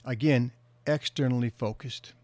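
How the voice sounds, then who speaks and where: A man's voice: mid-range voice, steady tone, a little mellow, no echo. Earnest male counselor, dry close sound. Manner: earnest storytelling, slows for emphasis. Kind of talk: motivational talk.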